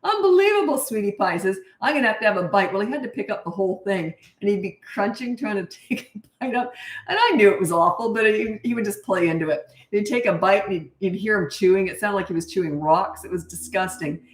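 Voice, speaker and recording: A woman's voice: mid-range voice, brisk, slight background noise. Chatty woman coach in an echoey room. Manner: chatty, storytelling, self-mocking, restarts and trails off. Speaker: parenting coach, host of live streams. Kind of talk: casual livestream talk.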